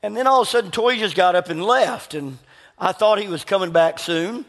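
A man delivers a sermon and works a personal story into it. He acts out both sides of each exchange in an animated way. His voice sits high for a man, and it carries a long reverb from the hall. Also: a little fast. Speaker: pastor.

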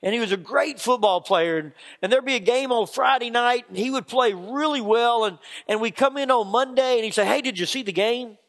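A man's voice: extremely high pitch, a little fast, few pauses, fairly bright tone. A man preaching a sermon in a church, telling folksy stories and acting out the people in them. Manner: folksy storytelling, acts out quotes. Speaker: pastor. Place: church sanctuary. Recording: long reverb of a church hall.

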